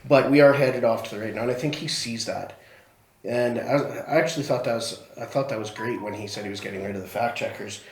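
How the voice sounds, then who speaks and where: A man's voice: medium pitch, fairly quick, a little mellow. A man co-hosting a casual podcast chat, speaking thoughtfully and often restarting his sentences. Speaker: podcast co-host. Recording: echoey room.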